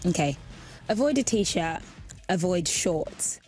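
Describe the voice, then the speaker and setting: A woman's voice: on the low side, expressive, slow, darkish tone, soft background music. Upbeat young woman radio presenter. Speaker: guest radio host. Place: radio studio.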